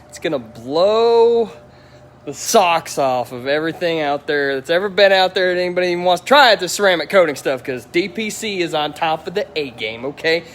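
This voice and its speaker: A fairly high-voiced man walks around cars outdoors, talking to his phone. He gushes with wild excitement and says the same exclamations over and over. He talks straight to his viewers as he shows off his own detailing work. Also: a little hiss or hum. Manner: wildly excited, gushing, repeats exclamations. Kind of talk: live-streamed car reveal vlog. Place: outdoors beside parked cars.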